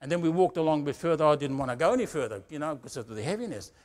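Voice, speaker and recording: A man's voice: fairly high pitch, expressive, very fast, darkish tone. A middle-aged male pastor preaching a sermon in a conversational way, often asking the congregation "Amen?".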